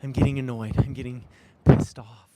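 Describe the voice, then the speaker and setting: A man's voice: mid-range voice, little pitch movement, normal speed, very noisy. A young man talking earnestly and reflectively while riding a bike outdoors in the rain, often repeating phrases to himself. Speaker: vlogger. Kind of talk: reflective spiritual vlog.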